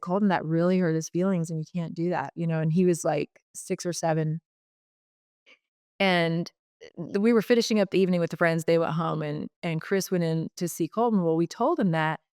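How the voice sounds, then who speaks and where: A middle-aged woman, a podcast guest, telling a personal story in a heartfelt, halting way, with many fillers and restarts. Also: lowish voice, clean tone, dry recording, clean studio sound.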